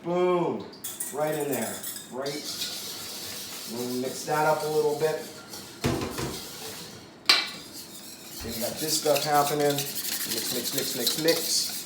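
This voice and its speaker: A man's voice: a little high, slow, long pauses, heavy background noise. A man hosting a casual cooking demonstration at home, rambling and joking, with lots of fillers and restarts. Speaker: cooking show host. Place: home kitchen. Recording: echoey kitchen with clattering dishes. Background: clattering pots and dishes.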